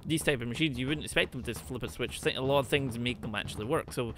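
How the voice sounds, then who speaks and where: A man's voice: mid-range voice, fast talker, background noise. A young man casually commenting on his own gameplay, thinking aloud and exclaiming when things go wrong. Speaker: gaming video host.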